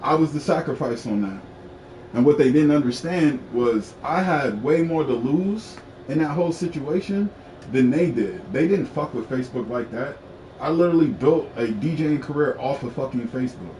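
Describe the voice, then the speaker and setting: A man's voice: mid-range voice, lively intonation, moderate pace, a little mellow, a little hiss or hum. A man telling his story in a frank, profane casual rant, repeating himself for emphasis. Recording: echoey room, mic at a distance, faint ambience.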